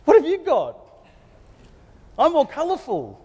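A man's voice: very high-pitched, wildly swooping pitch, unhurried, darkish tone, voice pushed up, heavily acted. A man putting on a bragging teenage boy, Joseph. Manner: gloating, showing off. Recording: long hall reverb.

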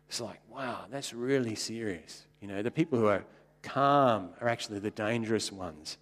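Wry preacher telling stories. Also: male voice, animated, fairly quick, long reverb tail. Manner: wry, anecdotal storytelling with sudden jumps in pitch. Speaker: pastor. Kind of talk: sermon.

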